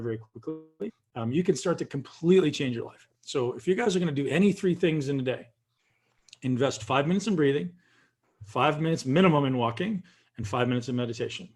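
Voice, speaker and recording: A man with a husky, slightly breathy voice talks calmly and steadily, giving step-by-step coaching. His pitch sits in an ordinary middle range for a man. He sounds like he is on a video call. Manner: calm, instructive, addresses listeners directly. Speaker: guest leading a breathing practice. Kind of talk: coaching instruction.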